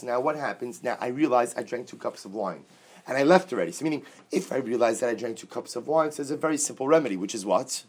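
A man teaching a Talmud class, reading Aramaic phrases and explaining each in English, energetic and joking with his students. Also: medium pitch, husky.

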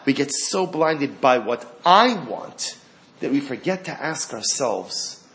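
A man teaching a Torah class, animated, asking rhetorical questions and acting out the lines of the story. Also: medium pitch, slow, slight background noise.

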